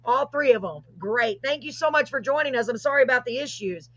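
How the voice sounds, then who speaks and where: A woman hosts a live stream from a video call, her voice a touch high and bright. She talks in a chatty, gushing way and apologizes readily. The sound is dull and dry, with no room around it. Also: brisk, dry recording. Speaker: host. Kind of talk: live call-in show chat.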